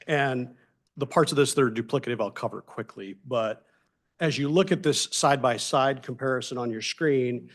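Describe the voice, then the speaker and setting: A man at an average pitch addresses a mayor and commissioners as their outside counsel. He is brisk and businesslike, summarizing an agreement in formal terms. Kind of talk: formal briefing to officials. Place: government meeting chamber.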